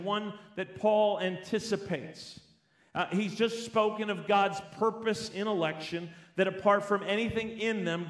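Male preacher, high-pitched, roomy church reverb, deliberate sermon delivery with rhetorical questions. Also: fairly bright tone. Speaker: pastor.

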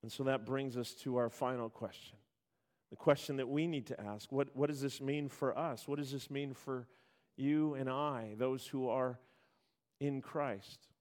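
A man preaching a sermon, reading scripture with rising intensity, then dropping to quiet, slow emphasis. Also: mid-range voice, steady tone. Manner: builds to loud emphatic peaks, then drops quiet and slow. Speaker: pastor.

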